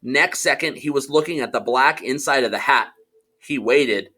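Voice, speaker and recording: A man narrating an audiobook in an expressive storytelling manner and voicing the characters. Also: medium pitch, moderate pace. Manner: animated storytelling, does character voices.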